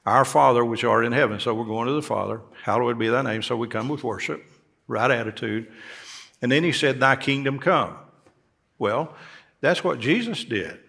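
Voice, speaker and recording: A man preaching a sermon to his congregation, his voice carrying a rough, gravelly edge. He talks in a folksy way and climbs sharply in pitch to stress his key points. His voice sits at an ordinary middle pitch between those peaks. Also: normal speed, fairly bright tone. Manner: folksy preaching, rising emphatically on key words. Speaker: pastor. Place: church sanctuary.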